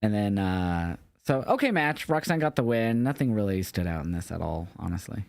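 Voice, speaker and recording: A man's voice: lowish voice, animated, moderate pace, creaky, no echo. A young man casually recapping a wrestling show, rambling and swearing loosely and correcting himself as he goes. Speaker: podcast co-host.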